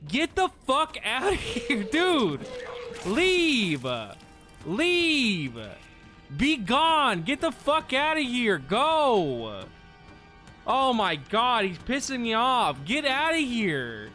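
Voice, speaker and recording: A man streaming a horror game who keeps shouting at an enemy that will not budge, swearing and breaking into laughter. His voice is bright and swoops widely in pitch, and his talk is drawn out and unhurried between outbursts, with soft music behind him. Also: wildly swooping pitch. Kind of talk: casual gameplay commentary.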